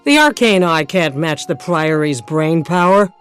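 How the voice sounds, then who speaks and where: A woman voicing a brainy, condescending small female asura scholar in a video game, speaking in a crisp, precise way over game music. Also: sits low, animated, a little slow. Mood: haughty. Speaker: Priory agent.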